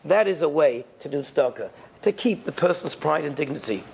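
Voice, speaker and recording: In a gravelly, slightly high voice with a darkish tone, a man tells stories in a Torah talk, performing the characters' voices and using Yiddish and Hebrew words. He is animated and brisk, with slight background noise.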